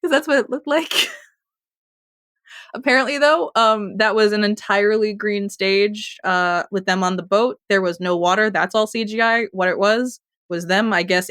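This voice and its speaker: A woman's voice: medium pitch, a bit bright, no echo, studio quality. A woman co-hosting a podcast, recapping a TV episode in a chatty, rambling way with restarts and laughs. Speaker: podcast co-host. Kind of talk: casual TV recap chat.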